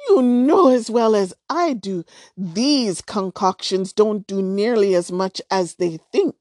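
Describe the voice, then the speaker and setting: A woman voicing a cranky, stubborn old female witch with dry, sharp retorts. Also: medium pitch, takes it slowly, no room sound, close to an everyday voice. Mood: insistent.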